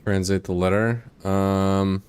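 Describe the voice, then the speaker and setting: A man's voice: low-pitched, level tone, slow pace, darkish tone, clear, resonant tone. A man casually commenting while playing a video game, joking and offhand. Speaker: gaming streamer.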